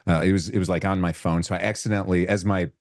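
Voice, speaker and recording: A middle-aged man hosting a live video call, telling an animated story. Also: sits low, fast talker. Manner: animated, imitates voices when retelling. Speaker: podcast host.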